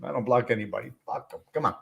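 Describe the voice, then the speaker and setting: A man's voice: medium pitch, fast, vocal fry, fairly bright tone, muffled recording. A man hosting a casual live stream, rambling and swearing as he talks to viewers in the comments.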